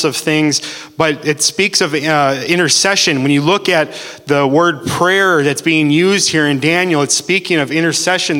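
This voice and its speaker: Man preaching, earnest, repeats phrases, bright forceful voice, slightly high, long church-hall reverb. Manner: earnest, repetitive phrasing, slows down for emphasis. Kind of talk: sermon.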